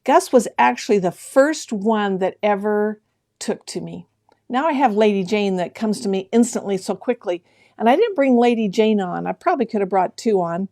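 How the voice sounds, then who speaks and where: A woman's voice: mid-range voice, expressive, moderate pace, a little mellow. A middle-aged woman hosting a sewing livestream, chatting casually and greeting viewers by name with frequent laughs. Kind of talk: casual live-stream chat with viewers.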